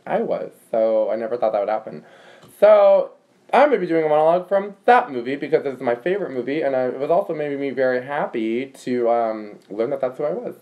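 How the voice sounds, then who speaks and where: A man's voice: mid-range voice, phone-quality sound. A young man hosting a casual livestream, chatty and rambling with lots of filler words. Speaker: livestream host. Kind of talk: casual chat.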